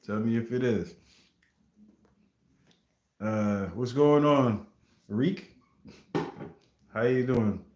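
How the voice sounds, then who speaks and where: A man's voice: medium pitch, drawn-out words, long pauses, a little mellow, roomy sound. A man hosting a casual livestream, chatting with viewers in a rambling, laid-back way. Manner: rambling, laid-back, heavy use of filler phrases like "you know what I mean". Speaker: livestream reaction host.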